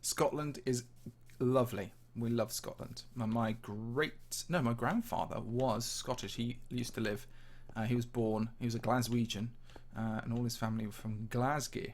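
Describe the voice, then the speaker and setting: A man's voice: mid-range voice, steady tone, normal speed, hardly any pauses. A man with a slightly posh English accent, casually chatting and answering viewer questions as he tours a game map. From English Midlands. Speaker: Minecraft channel host. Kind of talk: casual livestream chat while touring a game map.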